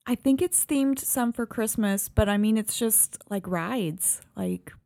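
A woman co-hosting a podcast, chatting casually in a relaxed, hesitant way. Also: medium pitch, unhurried, vocal fry, no room sound, studio quality. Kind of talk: casual chat.

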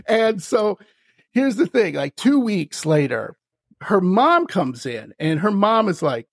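A man hosting a podcast, telling animated stories, often laughing and acting out the voices of the people in them. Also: high voice, takes it slowly, slightly rough, dry recording. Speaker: podcast host. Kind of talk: casual storytelling chat.

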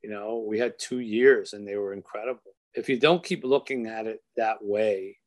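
Telling a personal story, an older man, an author, speaks on the low side, earnest and faltering, with frequent restarts and phrases that trail away softly.

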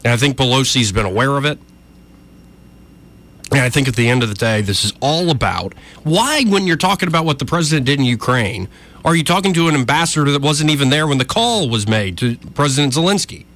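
A man with a medium-pitched, fairly bright voice delivers argumentative political opinion commentary, speaking directly to his listeners.

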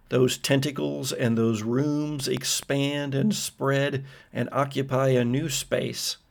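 A man's voice: medium pitch, vocal fry. A man narrating vivid scenes as game master of a tabletop role-playing game. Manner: vivid descriptive storytelling.

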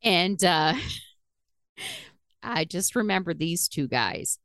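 Middle-aged woman, podcast host, lower voice with lively swings, profane and laughing, dry close mic. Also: slow, dry recording. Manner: profane, animated, laughing while she talks. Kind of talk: casual storytelling chat.

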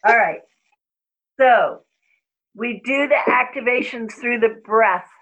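A woman speaking as a spiritual teacher, calmly guiding breathing and a mantra meditation. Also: a little high, highs cut off, slight background noise. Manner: slow, calm, guiding.

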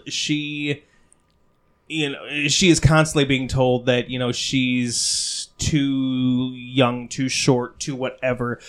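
A man hosting a comics podcast, enthusiastic and casual, acting out little quotes. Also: mid-range voice. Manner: enthusiastic, acts out quotes with a squeal. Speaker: podcast host. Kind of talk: casual chat about comics.

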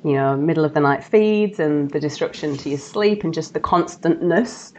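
A woman's voice: low voice, normal speed, warm tone, slight background noise. A woman, a podcast guest chatting candidly in a casual interview, full of fillers. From Australia.

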